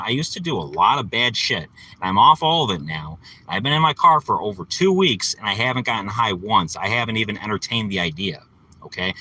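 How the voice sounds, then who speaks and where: A man's voice: mid-range voice, pushed and bright, poor audio. A man ranting angrily and profanely into his phone while sitting in his parked car. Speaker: vlogger.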